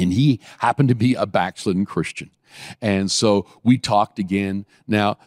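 A man preaching a sermon, telling a story with animated bursts and slowing right down on key phrases. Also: no echo, clean studio sound. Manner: animated storytelling, acts out scenes with sudden high bursts.

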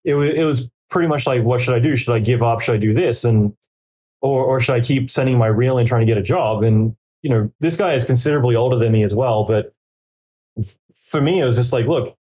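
A man's voice: mid-range voice, a little fast, darkish tone, husky. A man on an interview podcast giving career advice in a casual, rambling way, full of fillers and acted-out quotes of what people say to themselves. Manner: rambling, filler-heavy, acts out quoted inner dialogue.

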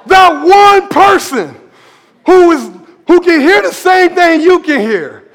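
High-voiced animated preacher in a hall. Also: male voice, slow. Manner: animated, emphatic preaching with repetition. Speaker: pastor. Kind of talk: sermon. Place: church hall.

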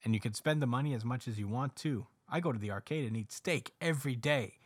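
A man voicing a smug young male cult recruiter in a breezy, boastful sales pitch. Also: fast talker, breathy edge, no room sound, lightly acted.

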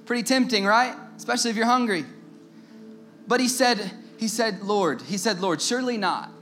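A man's voice: moderate pace, faint music behind. A man preaching to young listeners in a casual storytelling way, asking them questions and using slang. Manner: conversational, asks the audience, drops to a low hushed tone for the tense parts. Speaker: youth preacher.

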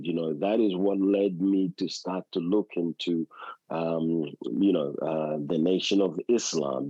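A man's voice: sits low, warm tone, no echo, lo-fi sound. A middle-aged man with an Australian accent calling in to a live show while unwell and lying down, speaking earnestly with many fillers. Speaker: call-in guest. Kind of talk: live tribute call. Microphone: phone call, audio only.

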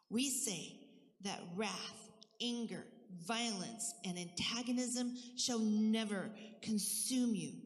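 A woman leading a spoken prayer declaration, calm and measured. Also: medium pitch, in a large hall. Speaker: pastor's wife leading prayer.

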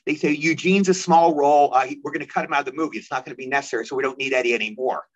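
A man telling stories as an interview guest, lively and quick, acting out the voices of the people he quotes. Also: mid-range voice, dull audio. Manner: animated, rapid storyteller who acts out quoted voices. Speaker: guest actor. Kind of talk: storytelling interview.

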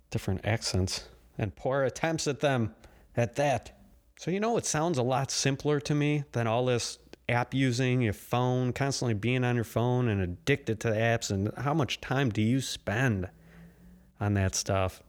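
A man talks alone into the mic as a podcast host. His monologue rambles, swings into sarcasm and crude jokes, and has a wired, caffeinated push. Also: medium pitch. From United States.

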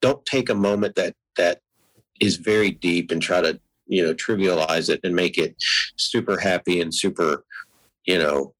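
A middle-aged man talking in a casual conversation, sincere and halting, restarting his sentences often. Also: low voice, a bit bright, rough recording.

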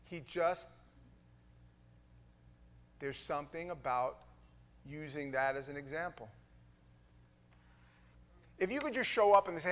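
A man preaching a sermon, telling a story with dramatic swings from hushed lines to loud bursts. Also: a little high, normal speed, pauses often.

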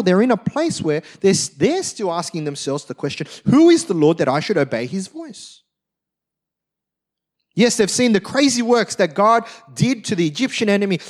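A male preacher with a notably high voice delivers a sermon. He tells stories with animated energy, acting out quotes in different voices as he goes. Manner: animated storytelling, acts out quotes. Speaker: pastor.

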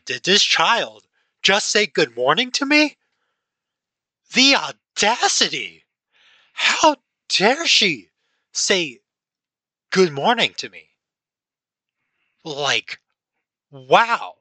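A man's voice: a little high, very animated, extremely slow, bright, forceful tone, dry recording, pitched above the performer's own voice, full character voice. A man putting on the voice of an indignant, grumpy old woman who is easily offended. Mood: outraged. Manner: huffy, scandalized exclamations.

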